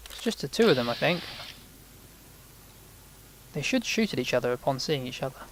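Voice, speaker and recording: A man's voice: mid-range voice, very animated, normal speed, a little hiss or hum. A man casually commenting on the game he is playing, rambling along with self-mocking asides. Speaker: gaming channel host. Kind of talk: casual let's-play commentary.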